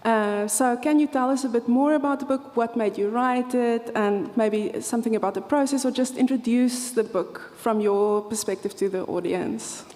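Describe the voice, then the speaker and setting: A woman's voice: a little high, moderate pace, hardly any pauses, warm tone. A woman moderating a live festival panel, reading her notes and asking a guest about a book. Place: festival event hall. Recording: live hall with reverb.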